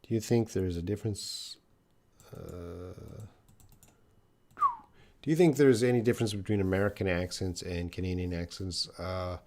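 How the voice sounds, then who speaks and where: A man with a slightly low voice hosts a live English lesson, reading viewers' questions aloud one by one. He answers plainly and thinks out loud, hedging with fillers as he goes. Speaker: English teacher.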